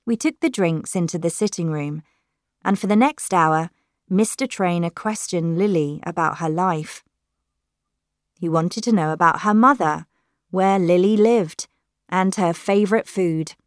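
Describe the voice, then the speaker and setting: Woman storybook narrator, measured, slow, dry studio sound. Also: lowish voice, no echo. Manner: measured, careful reading. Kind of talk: scripted first-person narration.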